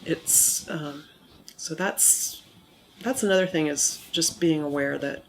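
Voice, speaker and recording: An accent modification instructor explaining in an interview, in a measured, teacherly way, sounding a little monotone from a recent cold. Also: mid-range voice, a little hiss or hum. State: recovering from a cold, somewhat monotone.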